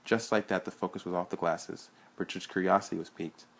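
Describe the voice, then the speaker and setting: Casting: a low, husky man reading fiction aloud plainly. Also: steady tone, fairly quick. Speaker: narrator.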